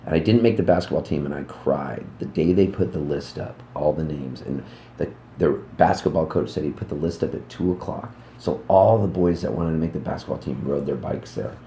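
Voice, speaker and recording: A man in his fifties, a musician, telling rambling, animated anecdotes in a casual interview backstage at a music club. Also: rumbling low, fairly quick, reverberant, a little hiss or hum. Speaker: musician guest.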